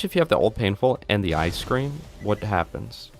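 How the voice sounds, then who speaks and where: A man's voice: on the low side, big pitch swings, normal speed, faint music behind. A man streaming a video game live, joking around and chatting to his viewers. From United States. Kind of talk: live gameplay commentary.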